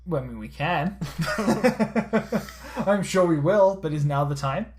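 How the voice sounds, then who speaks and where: A man with an Australian accent co-hosting a casual podcast chat, talking quickly and excitedly with lots of restarts. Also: fairly high pitch, background noise. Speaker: podcast co-host.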